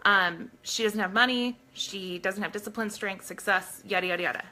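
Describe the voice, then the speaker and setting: Hosting a casual live stream, a woman talks earnestly to her viewers and reads aloud from a book. Her mid-range voice moves at a normal speed with a sharp tone, and she speaks to the audience directly.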